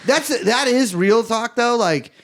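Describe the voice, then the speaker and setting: A man's voice: extremely high pitch, animated, measured pace, gravelly, fairly bright tone. A young man from the East Bay co-hosting a podcast, talking casually and profanely with lots of restarts. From East Bay, California. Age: young adult. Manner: rambling, stumbling restarts, profane. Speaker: podcast co-host. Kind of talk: casual political chat.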